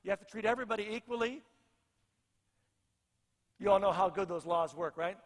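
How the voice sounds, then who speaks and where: Man, pastor, earnest sermon, repeats phrases for weight, fairly high voice, long hall echo. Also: a little fast.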